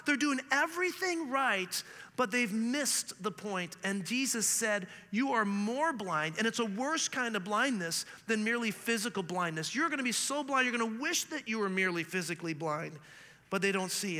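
Pastor, male, high bright voice, lively storytelling sermon, long hall reverb. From Canada. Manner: earnest, animated storytelling with humor.

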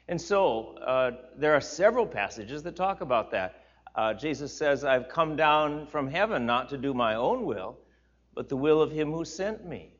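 A man teaching a Bible class in an informal sermon, chatty and emphatic, repeating words for stress and turning to listeners with asides. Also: on the high side. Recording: slightly dull, lo-fi recording.

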